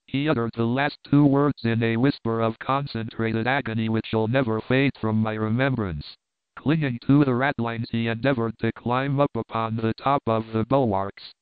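A man giving a measured, even narration of a classic story. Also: medium pitch, clear, resonant tone, no room sound. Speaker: audiobook narrator. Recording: narrow phone-like band, dry.

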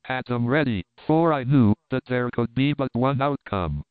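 A man's voice: mid-range voice, expressive, normal speed, no echo, lightly acted. A man reading the lines of a bitter, threatening army officer in an audiobook, with cold, hissing warnings. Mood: hopeless. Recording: crisp, dry, phone-like narrow sound.

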